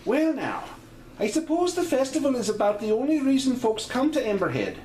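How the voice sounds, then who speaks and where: A homely landlady with a lilting Irish-Scottish accent, chatty and welcoming, as a man raises his voice high to put her on. She talks in a lively, bouncing tone for a spoken tabletop game. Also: a little fast, echoey room, a little hiss or hum. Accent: put-on Irish-Scottish lilt. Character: kindly middle-aged village landlady.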